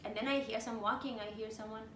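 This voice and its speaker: A woman's voice: on the high side, steady tone, racing. A woman co-hosting a casual podcast, telling a story and swearing freely, with Spanish words mixed into her English. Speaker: podcast co-host. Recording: echoey room with faint noise.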